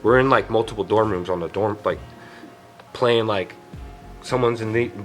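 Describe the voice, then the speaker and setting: A man's voice: fairly low pitch, normal speed, faint music behind, low-quality recording. A young man telling a story in casual chat, profane and rambling, full of fillers. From Texas. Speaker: guest tattoo artist.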